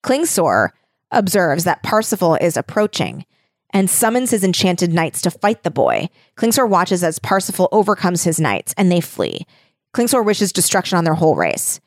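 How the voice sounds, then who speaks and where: A young woman casually retelling a story in an animated, slangy way, acting out quotes. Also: lowish voice, moderate pace, no echo, clean studio sound. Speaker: storyteller retelling an opera plot. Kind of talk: casual chat.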